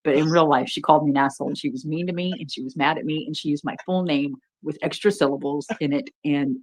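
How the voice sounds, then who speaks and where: A woman hosts a casual livestream with a low, deep voice. She talks bluntly and teases her co-hosts, swearing freely as she goes. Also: fairly even intonation, fast. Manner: blunt, profane and teasing. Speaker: livestream host.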